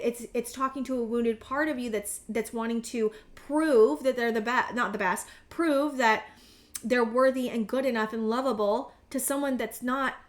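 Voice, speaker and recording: Rambling, emphatic woman in her thirties. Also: a little high. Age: 30s. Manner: rambling, emphatic, talks straight to the viewer; swears freely. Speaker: tarot reader. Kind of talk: pick-a-card tarot reading.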